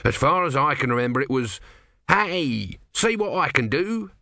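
A man's voice: mid-range voice, sing-song, moderate pace, gravelly, sharp tone, no echo, clean studio sound, voice pushed up, exaggerated voice. A man voicing a grumpy male god trapped as a tortoise, petulant and offhand in an audiobook. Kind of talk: audiobook character voice.

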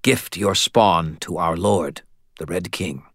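A man voicing a coolly polite, formal male vampire envoy in an audiobook, measured and speaking in the royal we. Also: low-pitched, a bit bright, husky, no room sound, studio quality, exaggerated voice. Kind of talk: audiobook character voice.

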